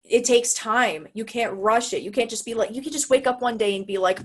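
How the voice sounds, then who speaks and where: A woman's voice: fairly high pitch, husky. A young American woman talking on a video call, thinking aloud and hunting for the right words. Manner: searching for words, halting and thoughtful. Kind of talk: casual video call chat.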